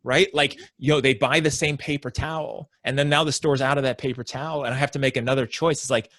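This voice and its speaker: A man, a sales consultant, explaining his approach as a podcast guest and acting out his clients' worries in quick asides. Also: medium pitch, no echo, clean studio sound. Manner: animated explainer, acts out prospects' inner voices. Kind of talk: conversational interview.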